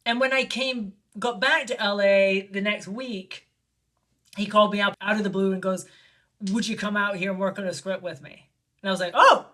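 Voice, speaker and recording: A woman filmmaker telling an anecdote in an interview, animated and acting out the voices of the people she quotes. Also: moderate pace. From lived in Barcelona. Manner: animated, acts out quoted voices with big pitch jumps. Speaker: guest filmmaker. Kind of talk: storytelling in an interview.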